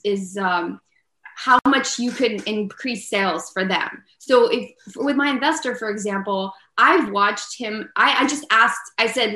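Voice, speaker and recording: A woman entrepreneur being interviewed, talking earnestly and casually with plenty of "like" fillers. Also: a little high. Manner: earnest, peppered with "like", grows loud and emphatic. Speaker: entrepreneur and inventor, interview guest. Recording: echoey room.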